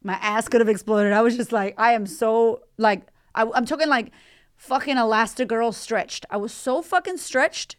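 A woman's voice: on the high side, moderate pace, clean tone. A woman hosting a motivational podcast, talking with candid energy and swearing freely. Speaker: podcast host and life coach.

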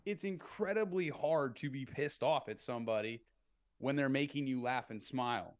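A middle-aged man as a podcast guest, explaining sales tactics in an animated way and acting out phone calls in upbeat voices. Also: medium pitch, moderate pace. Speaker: real estate entrepreneur guest.

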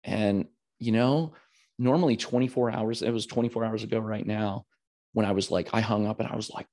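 A man with a fairly low voice talks candidly in a podcast monologue. He speaks in an earnest, rambling way, often restarting his sentences. He grows animated when he quotes other people. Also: a little fast. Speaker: podcast host.

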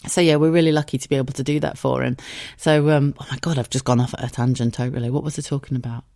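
Hoarse woman in her 30s rambling on her podcast, swears a lot, laughs a lot, dry close sound. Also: a bass voice, fairly even intonation, fast talker, warm tone, no room sound. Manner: rambling, chatty, swears freely, laughs often. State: hoarse from tonsillitis. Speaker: podcast host. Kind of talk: casual solo podcast chat.

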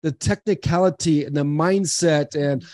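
A man in his forties from Southern California tells stories on a podcast, earnest and animated, often restarting his sentences. His voice sits on the higher side. The sound is dry and close. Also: moderate pace, no echo. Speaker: podcast guest. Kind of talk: casual interview storytelling.

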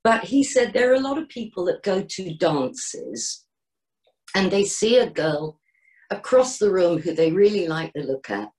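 A middle-aged woman, a coach, talking as a podcast guest in a gently encouraging way and acting out inner voices. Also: mid-range voice, lively intonation, unhurried. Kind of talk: podcast interview.

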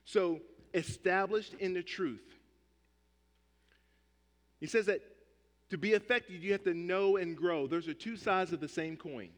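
A man's voice: sits high, a little slow, long pauses. A man preaching a sermon as pastor, speaking emphatically and conversationally, repeating his key points. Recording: long hall reverb.

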